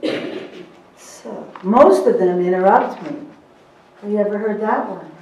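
A middle-aged woman presenting a live seminar to court reporters, emphatic and lively, with teasing asides. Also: medium pitch, a little slow, a little hiss or hum. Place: seminar room. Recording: roomy echo, recorded from a distance.

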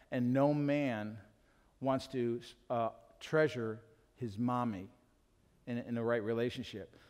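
A middle-aged man preaching a sermon as a pastor, candid and self-deprecating, acting out little talks with his wife. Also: mid-range voice. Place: church sanctuary. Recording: hall reverb from a church.

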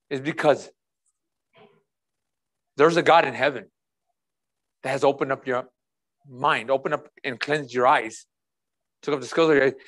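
High-voiced emphatic preacher man. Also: fairly bright tone. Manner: emphatic, repeats key phrases, addresses congregation directly. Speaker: pastor. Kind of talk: sermon.

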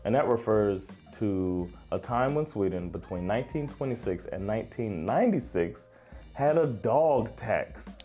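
An American man hosting a casual reaction video, talking in lively, rambling asides and laughing often. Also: on the low side, measured pace, soft background music. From United States.

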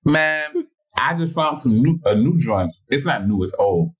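A comedian from Harlem, chatting casually on a podcast and quoting rap bars with relish. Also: male voice, mid-range voice, expressive, a little slow, muffled recording. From Harlem, New York. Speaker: comedian guest.

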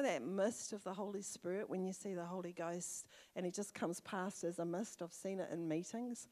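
A woman's voice: medium pitch, darkish tone. An older woman with a New Zealand accent, a church elder giving a sermon testimony, telling a personal story with fervent exclamations. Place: church hall. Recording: long reverb of a church hall.

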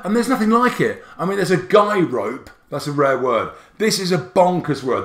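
A man walking teachers through a spelling app, excitable and theatrical, with a jokey streak. His pitch leaps around a lot. The room around him rings with echo. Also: moderate pace, hardly any pauses. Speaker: app creator and teacher presenter. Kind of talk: tutorial presentation.

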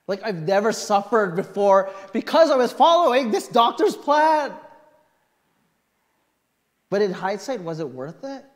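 A male pastor preaching a sermon through a personal story, swinging from quiet asides to outright shouting. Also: high-pitched. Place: church sanctuary. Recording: long reverb of a church hall.

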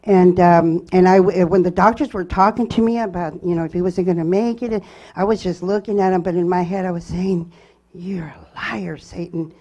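A woman giving a personal testimony at church, telling her story earnestly with halting restarts. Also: on the low side, fairly even intonation, warm tone.

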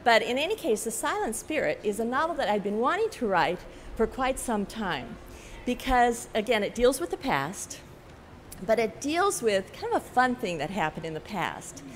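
An older woman author talking to an audience at a book festival, telling animated stories with frequent "you know" and laughing at her own anecdotes. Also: fairly high pitch, normal speed, a little hiss or hum. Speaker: author giving a talk. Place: large hall at a book festival. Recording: echoey hall with faint ambience.

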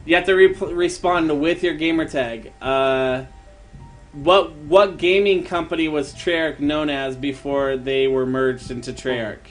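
A man's voice: on the high side, a little slow, faint music behind. A man hosting a live gaming stream, chatting casually, laughing often and quizzing his friends. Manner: laughs often, playful quiz-style questions. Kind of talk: casual chat over online gaming.

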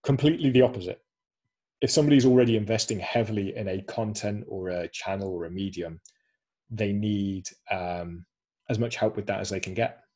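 Male webinar presenter, low-pitched, husky, explanatory, video-call sound. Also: a little fast, mellow. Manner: explanatory, walks through screenshots.

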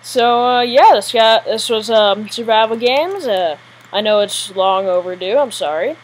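A woman commentating her own gameplay live, excitable and jittery, often giggling. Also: a little high, unhurried, poor audio. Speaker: gamer.

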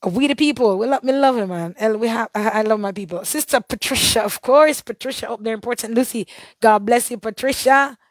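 A woman with a hoarse, worn throat hosts a casual live stream. Her voice sits a little high, and the sound is dry and close. She calls out viewers by name, with a churchy blessing for each. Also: a little fast, no echo. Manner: warm churchy blessings and shout-outs. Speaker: livestream host.

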